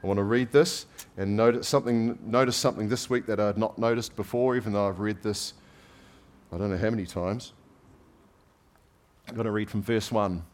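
Speaking briskly in a lowish voice, a male pastor delivers a sermon that feels like a conversation. His relaxed anecdotes about ordinary life carry a gentle humor.

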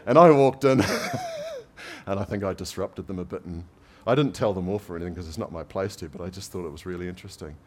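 A man's voice: sits low, fast talker, breathy edge. A man preaching a conversational sermon, telling everyday stories with light humor. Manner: relaxed, anecdotal storytelling with light humor. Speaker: pastor.

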